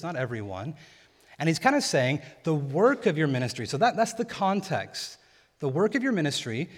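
A young man preaching a sermon in a relaxed, conversational way. his voice sits a bit high for a man, and a long reverb trails after it, as if he is in a big church sanctuary. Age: young adult. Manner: casual, conversational teaching. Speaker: pastor.

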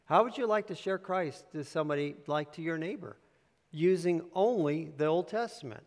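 A man preaching a sermon with handouts, emphatic and repetitive, telling listeners to underline words. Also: fairly high pitch. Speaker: pastor. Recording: long hall reverb.

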